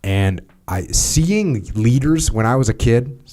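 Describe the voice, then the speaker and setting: A medium-pitched American man, formerly a Navy SEAL leader, speaks slowly about leadership on a podcast. His delivery is steady and matter-of-fact, with casual fillers.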